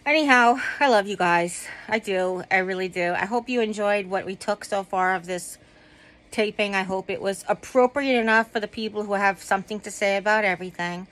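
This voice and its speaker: A woman's voice: mid-range voice, a little fast, a bit bright, rough recording. A woman vlogging casually from home while lying down, rambling with many ums and asides. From United States. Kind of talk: casual chat to camera.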